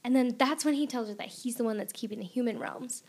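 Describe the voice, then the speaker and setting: High-voiced young woman chatting about books. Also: quick pace. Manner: animated, laughs often, says "like" a lot. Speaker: book podcast co-host. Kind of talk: casual chat.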